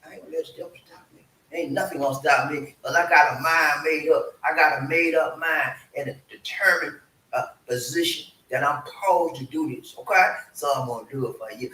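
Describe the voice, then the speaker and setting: A man's voice: a little high, brisk. A man hosting a casual livestream show, talking in a folksy way and calling on his audience to answer him. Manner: lively, folksy, calls for audience response. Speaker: show host. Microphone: streaming setup. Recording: echoey room, mic at a distance, faint hiss.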